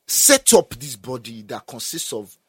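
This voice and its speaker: A young Nigerian man with a Nigerian accent in emphatic, animated casual conversation, often breaking into laughter. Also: medium pitch, a little slow, breathy edge, dry recording. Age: young adult. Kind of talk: casual chat.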